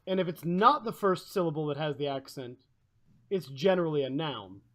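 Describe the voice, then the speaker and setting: A man's voice: fairly high pitch, lively intonation, normal speed. A man hosting a casual group chat, confidently laying out language rules. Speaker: podcast host.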